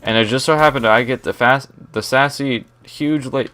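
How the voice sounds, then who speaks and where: A man's voice: mid-range voice, normal speed, a bit bright. A young man telling a rambling work story while playing a shooter game, often breaking off to react to the match. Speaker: gaming storyteller. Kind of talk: story time over gameplay commentary.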